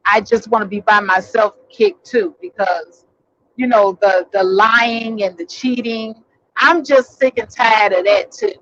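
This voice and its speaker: A woman's voice: medium pitch, measured pace, a bit bright, no echo, lo-fi sound. A woman vlogger telling a personal story in a casual, rambling way, full of fillers and restarts, recorded in a vehicle.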